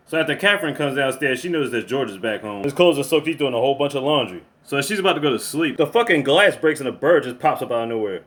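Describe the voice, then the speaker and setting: Fast-talking man recapping a movie. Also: mid-range voice. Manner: animated, cussing, reacts loudly to scenes; switches into quoted character voices. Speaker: movie reviewer. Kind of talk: casual spoiler recap.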